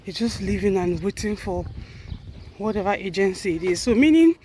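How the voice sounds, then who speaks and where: A woman's voice: medium pitch, steady tone, moderate pace, background noise. A woman vlogging while walking outdoors, a little out of breath, chatting earnestly and correcting herself as she goes. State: slightly out of breath. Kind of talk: casual walking vlog.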